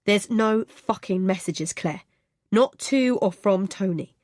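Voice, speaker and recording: A woman's voice: mid-range voice, slow, a little mellow, no room sound, clean studio sound, close to an everyday voice. A woman reading the part of a tired, exasperated husband who snaps and swears when pushed. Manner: weary, curt, swears when cornered.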